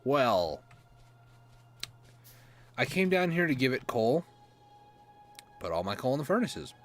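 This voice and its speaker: A man's voice: medium pitch, sing-song, slow, soft background music. A man giving casual gameplay commentary, rambling and mocking himself, chuckling often. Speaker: gaming YouTuber.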